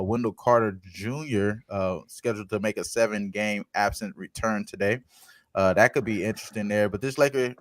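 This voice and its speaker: Man, betting show co-host, fairly low voice, dry sound, energetic, chatty. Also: dry recording. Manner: energetic, talks to his co-hosts with "man". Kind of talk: casual sports betting talk.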